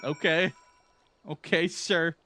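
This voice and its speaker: A man's voice: on the high side, fairly even intonation, slow, pushed and bright, faint music behind. A man streaming a game, reacting with incredulous, laughing comments as he plays. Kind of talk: casual gaming stream commentary.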